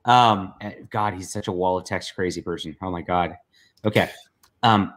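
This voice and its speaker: A man's voice: sits low, moderate pace, a bit bright. A man co-hosting a podcast in casual, mocking chat, laughing and reading a message aloud. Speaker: podcast co-host.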